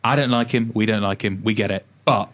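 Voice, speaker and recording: A man's voice: lowish voice, steady tone, a little fast, a bit bright. A man in casual podcast chat, often restarting his sentences before landing on emphatic points. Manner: hesitant restarts, then emphatic. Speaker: podcast co-host.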